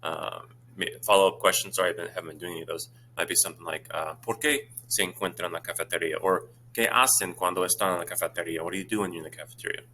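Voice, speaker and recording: A man, a Spanish teacher talking his students through exam questions in a brisk, informal way with many fillers. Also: deep voice, fairly even intonation, pushed and bright, a little hiss or hum.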